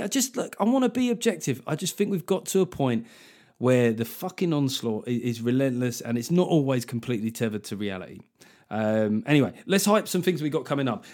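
A Mancunian man rants through his solo podcast, animated and sarcastic, swearing as he goes. His voice sits at an ordinary middle pitch. Now and then he mocks his critics in put-on voices. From Manchester, England. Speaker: podcast host and comedian.

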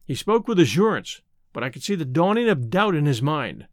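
A man narrating a classic adventure novel in the first person, with measured storytelling. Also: a little high, big pitch swings, no echo, clean studio sound. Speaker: audiobook narrator.

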